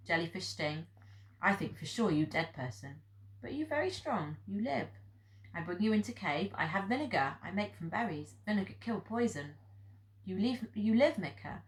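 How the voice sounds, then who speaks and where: Voicing an elderly Japanese hermit whose broken English comes out blunt and clipped, this woman speaks at a fairly low pitch with a light touch of acting. Her recording has noticeable room echo.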